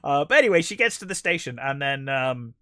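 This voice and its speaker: A man's voice: mid-range voice, sing-song, a little fast, sharp tone, clean tone, no echo, clean studio sound. A man co-hosting a podcast, recapping a film plot in casual chat, rambling with many fillers and restarts. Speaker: podcast co-host.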